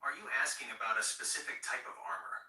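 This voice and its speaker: A male AI assistant answers in a very bright, fast, polished voice. He is formal and apologetic in a scripted way. It plays through a speaker in a roomy space, away from the mic. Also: medium pitch, recorded from a distance.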